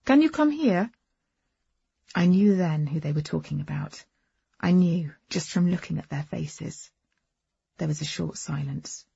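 A woman narrates a first-person novel in a wry, understated way. Her voice is low, mellow and husky, with some gravel in it. It is recorded close and dry, and the sound is dull. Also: fairly even intonation, a little slow, no room sound. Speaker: audiobook narrator.

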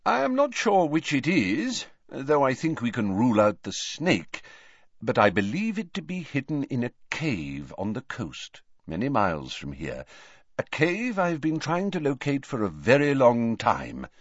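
A man reading an audiobook, voicing an old headmaster wizard who speaks in a quiet, measured, patient way, recorded dry and slightly muffled. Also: medium pitch, wildly swooping pitch, dry recording, pitched above the performer's own voice, exaggerated voice. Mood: grave, careful. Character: old male headmaster wizard, calm, grave and gentle.

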